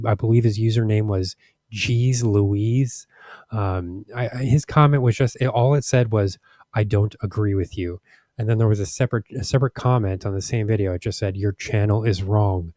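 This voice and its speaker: A man's voice: lowish voice, a little mellow, dry recording, studio quality. A man hosting a stock market channel, speaking frankly and with exasperation over charts, with many restarts and fillers. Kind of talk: casual commentary over charts.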